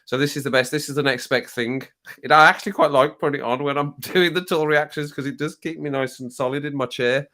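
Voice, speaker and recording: A man's voice: a little high, steady tone, fast talker, sharp tone. A man hosting a live stream from his home setup, rambling casually to viewers on a desk microphone, laughing and swearing often. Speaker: livestream host.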